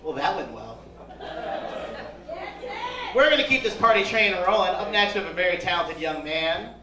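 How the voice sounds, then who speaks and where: A man's voice: high-pitched, animated, normal speed, background noise. A man emceeing a stand-up comedy show, upbeat and hyping up the crowd between acts. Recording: echoey live room, distant mic, crowd.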